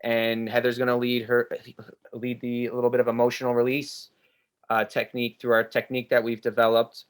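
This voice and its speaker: A man's voice: medium pitch, monotone, fairly quick. A man hosting a spiritual group ceremony over a video call. He speaks earnestly and reflectively and reads participants' comments aloud. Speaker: ceremony host.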